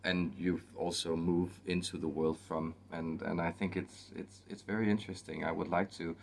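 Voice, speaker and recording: A man channeler giving a casual spoken introduction, halting and often repeating and restarting his words. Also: deep voice, level tone, vocal fry, a little hiss or hum.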